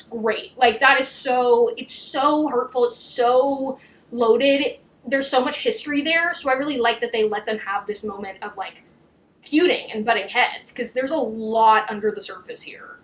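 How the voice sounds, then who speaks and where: Animated young woman recapping a show. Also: fairly high pitch, moderate pace, low-quality recording. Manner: animated, swears, acts out quotes. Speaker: YouTube recap host. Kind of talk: casual chat.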